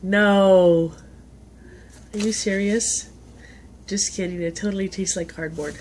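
A woman's voice: mid-range voice, fairly even intonation, slow pace, noisy background. A woman, chatting casually on a vlog as she opens gifts, gushing, gasping and laughing. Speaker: vlogger. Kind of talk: casual unboxing chat.

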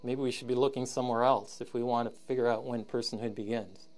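A man giving a recorded university lecture, halting with many ums and frequent throat clearing, with wry, sardonic asides. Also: mid-range voice, steady tone, darkish tone. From Canada.

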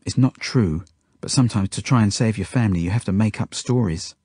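Author-narrator, male, low husky voice, earnest first-person storytelling. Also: fairly quick, mellow, no room sound, studio quality. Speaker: author reading his book. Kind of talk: audiobook narration.

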